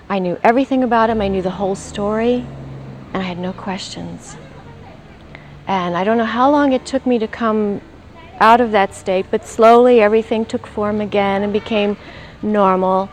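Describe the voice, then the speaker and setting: A woman's voice: medium pitch, slight background noise, rough recording. An older woman telling a personal spiritual story in an earnest way, acting out her own past thoughts as she goes. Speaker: interviewee.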